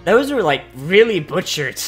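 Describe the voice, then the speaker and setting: A woman's voice: lowish voice, big pitch swings, measured pace, soft background music. A young woman in casual reaction commentary, sarcastic, crude and profane, talking over a cartoon. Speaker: video host reacting to a cartoon.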